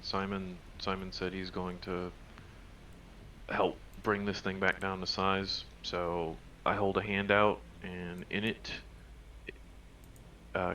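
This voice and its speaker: A man's voice: low-pitched, vocal fry, a bit bright, a little hiss or hum. A man playing a tabletop role-play game over a call, talking hesitantly, with many restarts. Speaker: player.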